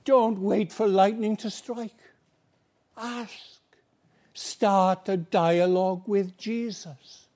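A man's voice: high voice, steady tone, slow pace, few pauses, a little mellow. A male preacher giving an earnest, pleading evangelistic sermon, acting out little everyday dialogues.

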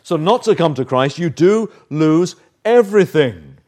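A man preaching a sermon, earnest and emphatic, with dramatic pauses and swings of volume. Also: fairly high pitch, animated, a little mellow.

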